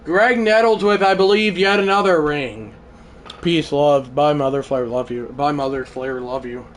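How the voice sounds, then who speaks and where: A man hosting a live stream, calling a video game baseball match, shouting at big moments and mumbling goodbyes to chat. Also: normal speed, slight background noise. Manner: excitable, shouts celebrations then drops to low mumbles. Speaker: livestream host.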